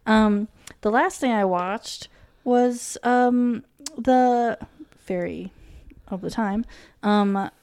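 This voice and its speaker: A woman's voice: a little high, extremely slow, a little mellow, clear, resonant tone. A young woman chatting casually as a podcast co-host, with many ums and free swearing. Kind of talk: casual chat.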